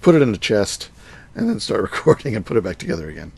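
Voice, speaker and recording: Man, live-streaming gamer, very low pitch, thinking aloud, chatting to viewers. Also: big pitch swings, fast talker, gravelly, breathy edge. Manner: muttering to himself as he works, chatting to viewers. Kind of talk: thinking aloud while playing a game live.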